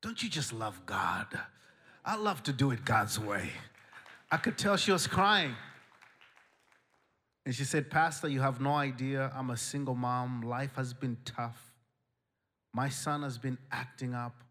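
Bright-voiced animated male pastor. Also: medium pitch, a little slow, long pauses. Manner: animated storytelling with humor. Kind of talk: sermon.

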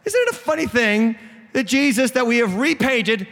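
In an echoey hall, a pastor with a New England accent preaches a sermon, speaking directly and joking with the congregation. His voice is very high, creaky and a bit bright, and he talks fairly quickly.

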